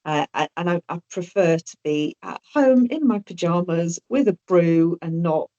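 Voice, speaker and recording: A woman's voice: on the low side, normal speed, warm tone. A woman telling a personal story as an interview guest, hesitant and often repeating or restarting her words. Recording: dull lo-fi audio.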